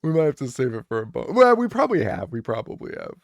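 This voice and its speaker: A man co-hosting a podcast, chatting casually and excitedly about a horror movie, swearing often. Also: mid-range voice, fast, creaky, no echo. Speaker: podcast co-host.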